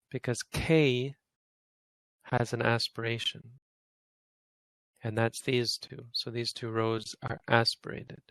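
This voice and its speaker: A man's voice: mid-range voice, gravelly, fairly bright tone, dry recording. A man teaching a language lesson, patiently explaining and demonstrating sounds over and over.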